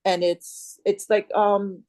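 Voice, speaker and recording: Middle-aged lady guest rambling casually, mid pitch, dry close sound. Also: level tone, slow, mellow, dry recording, poor audio. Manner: rambling, searching for words, many restarts. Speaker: guest, Kambo facilitator. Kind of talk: casual interview chat.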